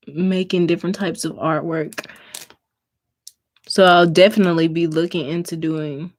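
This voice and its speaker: A young adult woman from Mississippi with a Southern US accent, chatting casually with viewers on a crafting livestream and answering their comments. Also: on the low side.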